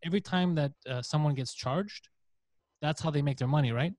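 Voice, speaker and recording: A man's voice: fairly high pitch, a little fast, a little mellow, no room sound. A man in a casual podcast chat, talking in scattered bursts with casual swearing. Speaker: comedian podcast host.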